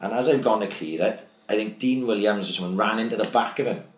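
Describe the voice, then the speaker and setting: A man's voice: lowish voice, fast talker. A Welsh man, a former footballer, telling sweary stories in a casual podcast chat. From Wales. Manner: loose storytelling, heavy swearing. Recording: roomy echo.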